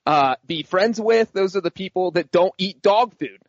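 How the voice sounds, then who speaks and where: Rather high male voice rattling off numbers and blunt verdicts as a sports podcast co-host. The sound is dull and lo-fi, dry and close. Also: dry recording. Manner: quick, stat-heavy and blunt. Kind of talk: casual sports banter.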